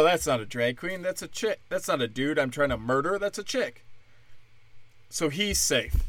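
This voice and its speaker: Young man ranting, bright dry voice. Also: on the high side, no echo. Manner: angry, sarcastic, heavy swearing. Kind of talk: profane ranting monologue.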